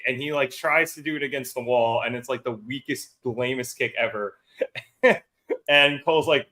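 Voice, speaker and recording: A man's voice: medium pitch, normal speed. A man co-hosting a casual review podcast, retelling scenes and acting out quotes. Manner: animated recapper, acting out quotes. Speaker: podcast co-host. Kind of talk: casual wrestling review chat.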